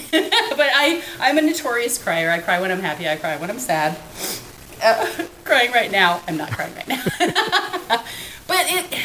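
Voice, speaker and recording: A woman co-hosting a podcast in casual chat, dramatic and animated, often breaking into laughter. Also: a little high, a little hiss or hum. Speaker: podcast co-host. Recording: roomy echo.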